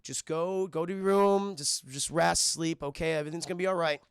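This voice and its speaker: A man's voice: on the high side, fairly quick, smooth, no room sound, clean studio sound, close to an everyday voice. A man voicing a flustered mother who repeats her pleas and reassurances in a hurry. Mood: soothing. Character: flustered mother, pleading then soothing.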